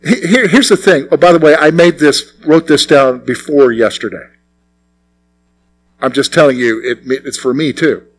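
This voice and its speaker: Older preacher with a fairly high voice. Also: male voice, moderate pace. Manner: earnest, repeats phrases for emphasis, swings between hushed and forceful. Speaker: pastor. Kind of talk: sermon.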